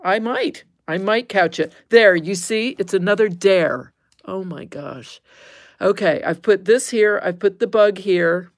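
Woman host, casual livestream chat, unhurried with a gravelly edge, dry close sound. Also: medium pitch, no room sound. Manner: chatty, easily amused, squeamish exclamations.

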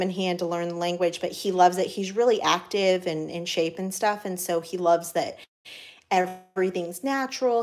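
An American woman with a slightly low voice chats loosely as she works on a craft project. She rambles, restarts her sentences and fills pauses with ums. Her voice sounds a little worn from all the talking. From United States. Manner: rambling, chatty, many fillers and restarts. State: voice cracking from talking. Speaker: craft vlogger. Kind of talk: casual chat while crafting.

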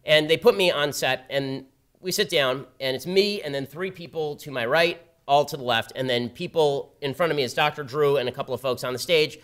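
Campus guest speaker, male; brisk, sardonic storyteller with a slightly high pitch. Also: a bit bright. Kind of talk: public talk with a told anecdote. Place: university event before a live audience.

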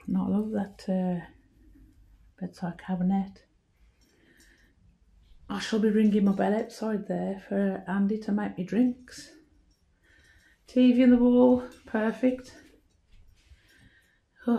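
This woman's medium-pitched voice is gravelly and warm, with a flat delivery. She gives a casual, chatty phone tour of a house, admiring each room, speaking slowly, saying um in her pauses and often running out of breath.

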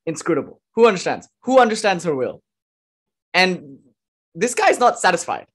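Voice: mid-range voice, very animated, moderate pace, a bit bright, husky. A lecturer giving an informal philosophy talk, explaining ideas step by step with fillers and light laughter.

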